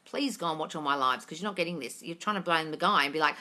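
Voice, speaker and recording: A woman's voice: expressive, quick pace. Brash, sweary woman coach. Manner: brash, sweary, scolding, swings from low mutter to loud yelling. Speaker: manifesting coach answering live chat questions. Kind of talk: blunt livestream Q&A.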